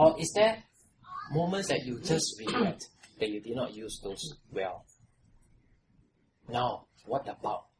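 Preaching to his congregation, a pastor repeats phrases and asks them questions, climbing to loud exhortation before dropping to quiet, trailing lows. There's a bit of hiss or hum on this rough recording.

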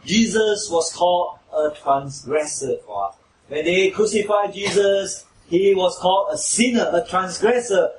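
Preaching in a church hall, a pastor with a high voice and lively intonation keeps a measured pace. He asks the audience questions and grows louder when he quotes mockers. The distant mic captures an echoey room with slight background noise.

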